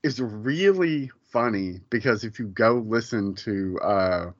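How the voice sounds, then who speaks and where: Male podcast co-host, casual and rambling, chuckles often; deeper voice, dry dull sound. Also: slow pace, no room sound. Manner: rambling, chuckling as he recounts scenes. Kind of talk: casual chat.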